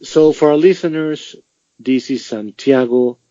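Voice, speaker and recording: A man's voice: mid-range voice, measured pace, mellow, no room sound. A man hosting a podcast interview in a friendly, appreciative way. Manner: friendly and appreciative, laughs lightly. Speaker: podcast host. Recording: dull lo-fi sound, dry.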